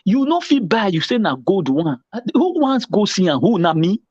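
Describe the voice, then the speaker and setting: A Nigerian man delivers emphatic, preachy commentary. His pitch leaps and swoops all over the place. The sound is dull and bone dry, like a lo-fi call-in line. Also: sing-song, moderate pace, darkish tone, no room sound. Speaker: panelist. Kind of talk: animated pidgin commentary.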